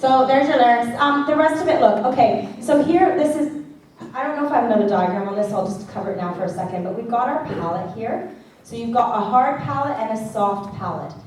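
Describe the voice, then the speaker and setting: A woman's voice: on the high side, a little fast, darkish tone, far from the mic, a little hiss or hum. A woman teaching a singing class as vocal coach, chatty and checking in with the class often, with sung demonstrations. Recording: echoey classroom recorded from afar.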